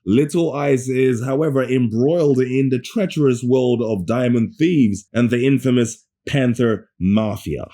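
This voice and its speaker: A man giving a ranting, sarcastic movie review, animated and swearing, often stumbling and restarting mid-sentence. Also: medium pitch. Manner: sarcastic, animated rant with profanity.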